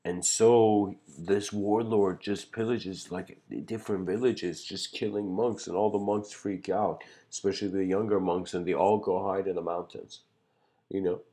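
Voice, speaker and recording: Low-voiced man rambling through a lecture. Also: steady tone, a little slow, dark tone. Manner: rambling, filler-heavy, storytelling. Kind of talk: casual philosophical lecture.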